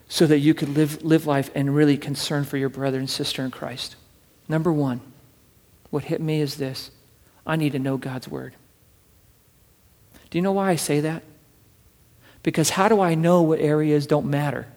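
A pastor fervently preaches a sermon from scripture in a fairly high-pitched voice, with the sound of a big room around him. He swings between loud urging and hushed asides, repeating words as he builds his point.

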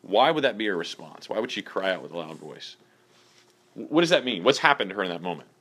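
A man's voice: low-pitched, sing-song, fast, fairly bright tone, husky. A man leading a group Bible study in a casual way, reading verses and asking the group questions.

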